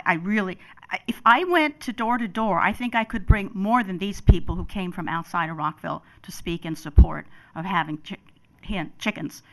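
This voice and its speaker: A woman's voice: mid-range voice, a bit bright. An older woman testifying at a public hearing, emphatic and emotional, often repeating herself.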